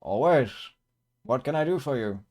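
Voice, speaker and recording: A man voicing a cheerful, hardworking male builder who pipes up higher than his own voice. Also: lively intonation, normal speed, darkish tone, lightly acted. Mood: eager.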